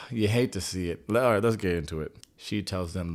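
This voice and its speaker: A man with a low-pitched voice talks through a reality show recap in a loose, comedic way. He cracks jokes and throws in slangy, profane asides as he goes. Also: normal speed. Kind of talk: casual comedic commentary.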